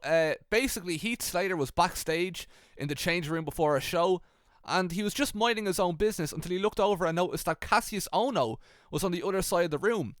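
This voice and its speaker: Deadpan young man, dry close mic. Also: high voice, dry recording. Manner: dry, deadpan, swears casually. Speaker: YouTuber. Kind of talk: deadpan comedic narration.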